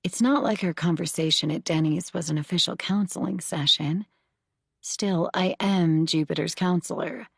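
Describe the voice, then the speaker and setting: A woman narrating a first-person thriller audiobook in a measured, intimate way, close to the mic. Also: fairly low pitch, creaky, breathy edge, no room sound.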